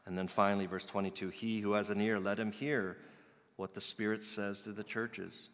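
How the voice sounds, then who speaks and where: Male pastor, low-set but bright voice, earnest sermon delivery that swells to loud emphasis, long hall reverb. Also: little pitch movement, normal speed. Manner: earnest, builds to loud emphatic peaks then drops soft.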